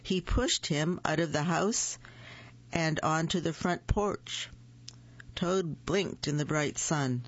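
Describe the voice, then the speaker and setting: A storyteller reading picture books aloud at a gentle, unhurried pace, in a gravelly voice. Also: mid-range voice. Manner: slow, gentle read-aloud pacing. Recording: muffled, dull recording.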